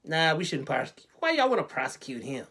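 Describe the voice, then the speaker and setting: A man's voice: a little high, huge pitch swings, fast talker, creaky, fairly bright tone, husky. A man hosting a web talk show, speaking in a sarcastic, preachy way that is full of rhetorical questions.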